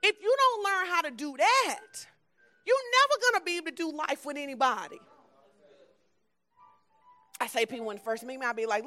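High bright-voiced woman preaching bluntly. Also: expressive, moderate pace, pauses often, soft background music. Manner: emphatic and blunt, shifting to soft and low. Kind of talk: conversational sermon.

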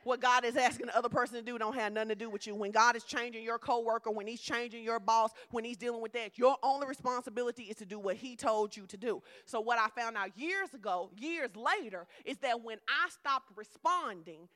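A middle-aged woman preacher giving a lively, conversational sermon with humor. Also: on the high side, a little fast, few pauses.

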